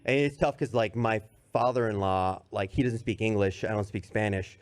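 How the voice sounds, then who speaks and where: A man's voice: lowish voice, steady tone, normal speed. A man in casual podcast chat, telling a self-deprecating story with laughs and hesitations.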